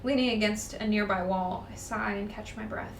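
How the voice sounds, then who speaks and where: A woman's voice: mid-range voice, normal speed, recorded from a distance. Woman, let's-play co-host, reads game narration plainly, roomy echo, faint background noise. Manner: reads narration plainly, breaks into excited chatter. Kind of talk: reading game text aloud and chatting.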